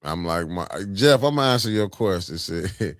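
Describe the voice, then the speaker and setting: A man's voice: deep voice, lively intonation, moderate pace, no echo, clean studio sound. A middle-aged man, hosting a casual political chat, laid-back and sarcastic, often laughing. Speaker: host.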